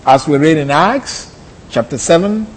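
A man teaching a Bible lesson, deliberate and repeating key phrases. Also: on the high side, lively intonation, slight background noise. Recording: long hall reverb.

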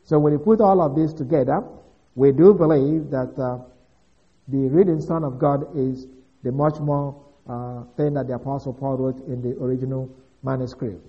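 A man's voice: mid-range voice, steady tone, normal speed. A man giving a methodical, explanatory Bible teaching, working through a passage step by step. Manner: methodical, explanatory, with occasional restarts. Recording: dull lo-fi recording.

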